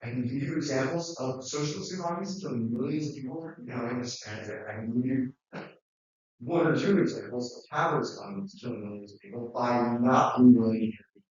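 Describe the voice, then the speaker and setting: A man giving a casual, animated classroom lecture, acting out quotes as he goes. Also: medium pitch, quick pace. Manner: conversational, animated, acts out quotes. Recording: echoey, distant, dull recording.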